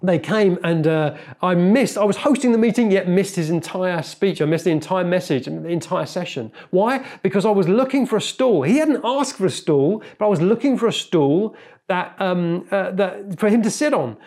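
A man preaching a sermon, earnest and animated, often repeating words as he goes. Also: sits high, moderate pace. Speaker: pastor.

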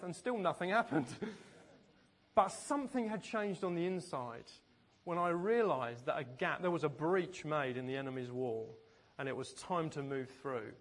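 Storytelling male pastor. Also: on the high side. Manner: storytelling, conversational, often laughing. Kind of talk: sermon.

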